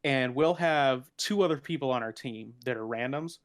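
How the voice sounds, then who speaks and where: A man's voice: medium pitch, normal speed. A man talking casually on a gaming podcast. He restarts his sentences often and laughs between points. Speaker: podcast panelist.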